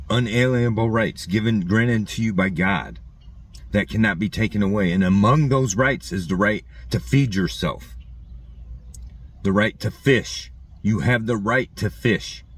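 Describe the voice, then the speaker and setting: A man's voice: low voice, distant mic, slight background noise. A man hosting his own vlog, ranting indignantly and mocking the commenters who disagree with him. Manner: indignant, repetitive, mocks opponents' comments. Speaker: channel host. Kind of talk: opinionated vlog rant.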